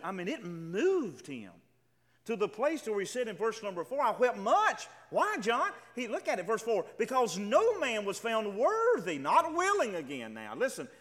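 A man's voice: high-pitched, fairly bright tone. A man preaching a sermon, emphatic and full of stammering restarts, reading scripture aloud with drama. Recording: reverberant hall.

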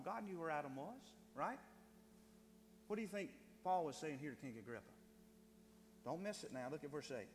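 A man's voice: fairly high pitch, sing-song, normal speed, long pauses. A man preaching a sermon, building to emphatic, rising lines with repeated words. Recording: light hum in a reverberant hall.

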